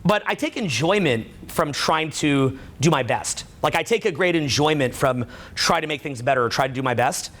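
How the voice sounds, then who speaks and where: A man speaks to a live seminar audience in a casual, rambling way, filling his sentences with "like" and checking in with "right?". His voice sits a little on the high side for a man. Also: expressive, normal speed, fairly bright tone. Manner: rambling, heavy use of "like" and "right?".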